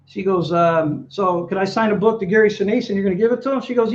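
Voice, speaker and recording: Speaking quickly in a high voice, a middle-aged man who served in the Navy recounts an anecdote during a relaxed interview, bringing it to life by quoting others. The recording sounds muffled.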